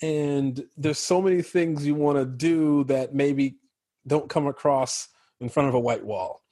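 Husky American actor, dry sound. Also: male voice, fairly high pitch, measured pace, no room sound. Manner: laughs often, relaxed storytelling. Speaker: actor guest. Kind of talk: casual interview chat.

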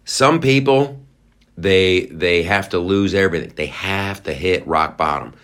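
A man's voice: deep voice, measured pace, fairly bright tone. A man hosting a podcast, delivering a profane, sarcastic political rant and mocking other people in put-on voices. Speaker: podcast host. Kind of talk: ranting political commentary.

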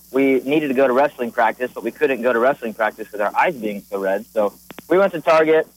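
A young man phones in to a radio show and tells his story at a wandering, halting pace, full of fillers. His voice is plain and middle-pitched, heard close and dry. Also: no echo, poor audio. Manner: rambling, hesitant with many fillers. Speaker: caller.

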